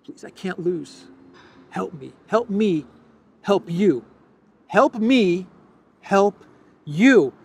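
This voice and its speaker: Mock impression: a man doing a groveling male leader, pleading sing-song, pitched up, gravelly. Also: animated, extremely slow, long pauses, exaggerated voice. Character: desperate male world leader begging an ally for help.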